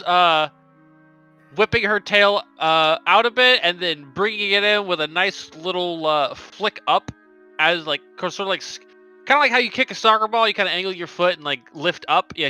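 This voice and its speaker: A man's voice: high voice, moderate pace, bright, forceful tone, clear, resonant tone, faint music behind, poor audio. A man playing a tabletop game on a stream, chatty and playful, laughing often. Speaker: player. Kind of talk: casual tabletop game chat.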